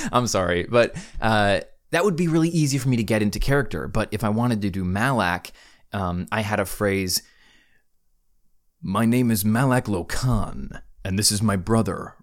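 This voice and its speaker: Chatty low-voiced man hosting a podcast. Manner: earnest, chatty, many fillers and self-corrections. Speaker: podcast host. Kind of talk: casual podcast talk.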